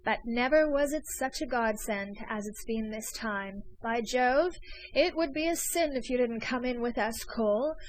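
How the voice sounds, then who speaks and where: Reading from a storybook, a woman voices an excitable young gentleman smuggler who speaks somewhat high and argues his case with urgent, pleading energy. She keeps a measured pace and acts it lightly, and the mood is excited. The audio quality is poor.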